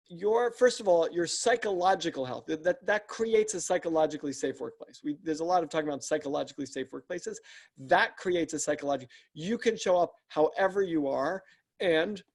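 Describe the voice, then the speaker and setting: This podcast guest, whose voice is fairly high, talks at a normal speed about coaching. Explaining earnestly and methodically, he keeps circling back and restarting sentences while building his points in an interview setting.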